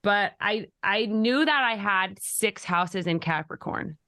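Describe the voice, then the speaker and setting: A woman's voice: medium pitch, slow, sharp tone, no room sound. A woman co-hosting a podcast, asking her guest short, curious questions. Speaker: podcast co-host. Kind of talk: podcast interview.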